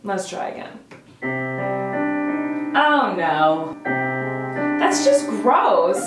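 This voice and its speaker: A woman's voice: medium pitch, big pitch swings, extremely slow. A woman hosting a casual vlog, giving wry, sarcastic running commentary. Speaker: vlog host. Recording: roomy echo with background music.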